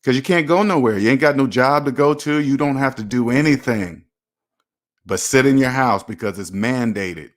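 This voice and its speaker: A man's voice: mid-range voice, moderate pace. Preachy man. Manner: preachy, repetitive, emphatic, addresses viewers as "you guys". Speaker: personal finance channel host. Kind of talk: motivational livestream talk.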